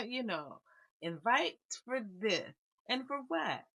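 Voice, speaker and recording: A woman giving a casual spiritual card reading, speaking calmly and musingly with a melancholy air. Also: fairly high pitch, vocal fry, no room sound, poor audio. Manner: calm, unhurried, musing with soft laughs. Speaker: tarot reader.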